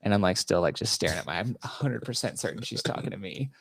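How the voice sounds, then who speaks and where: Man, podcast host, gravelly, lively pitch, mocking, laughs a lot, casual chat. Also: quick pace, dry recording. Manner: crude, mocking storyteller, laughs often.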